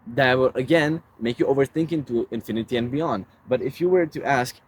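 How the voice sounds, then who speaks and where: A man's voice: mid-range voice, a little fast, darkish tone, slight background noise. A man giving casual self-help advice in a laid-back way, calling the listener bro.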